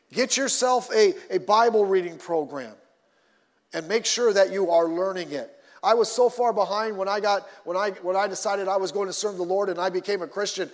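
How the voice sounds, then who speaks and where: High-voiced preaching man in a reverberant hall. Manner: animated preaching, repeats words, sudden loud and soft swings. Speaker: pastor. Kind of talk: sermon.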